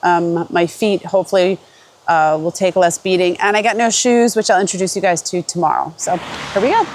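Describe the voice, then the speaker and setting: A woman's voice: on the low side, moderate pace, a little mellow. A woman with a stuffy, congested voice talks casually to her viewers while walking a forest trail. She rambles, with plenty of fillers and restarts, into a handheld camera. A faint hiss sits under the recording. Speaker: hiking vlogger. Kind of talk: casual vlog talk while hiking.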